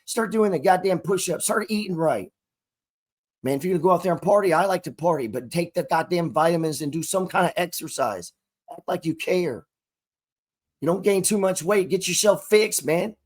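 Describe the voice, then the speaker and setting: A middle-aged man with a high-pitched voice gives a motivational talk to camera. He talks in street slang and swears freely while coaching listeners on trading and money. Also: normal speed. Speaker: trading coach and channel host.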